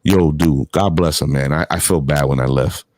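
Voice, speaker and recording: A man's voice: a bass voice, normal speed, no echo. A middle-aged man hosts a casual call-in chat, telling stories with laughs and swearing freely. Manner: animated storytelling, laughs often, swears freely. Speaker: show host.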